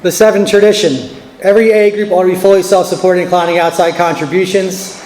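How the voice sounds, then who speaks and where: Meeting chair, male, high voice, businesslike announcements; echoey room. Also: fairly even intonation, fast, darkish tone, slight background noise. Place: church meeting hall. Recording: echoey hall.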